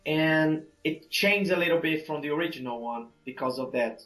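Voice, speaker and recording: Rambling animated man on a podcast. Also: a little high, moderate pace, soft background music, poor audio. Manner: rambling, animated, acts out scenes. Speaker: podcast co-host. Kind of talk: casual chat.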